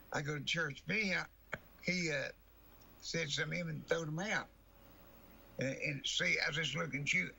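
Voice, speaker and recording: Older man, gravelly and bright, rambling chuckling storyteller, faint room hiss. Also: on the high side, fairly even intonation, moderate pace, pauses often, rough recording. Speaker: guest storyteller. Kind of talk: folksy anecdote telling.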